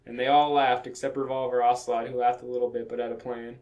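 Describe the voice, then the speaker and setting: A man co-hosting a comedy podcast, reading a badly written fanfiction aloud in a deadpan voice that keeps breaking into laughter. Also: medium pitch, fast, slight background noise.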